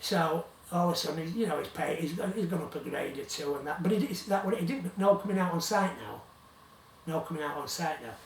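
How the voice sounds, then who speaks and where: A man's voice: a little high, a little fast, slight background noise. A man with a Yorkshire accent telling a long rambling story in casual talk, often repeating himself. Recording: roomy, distant from the mic.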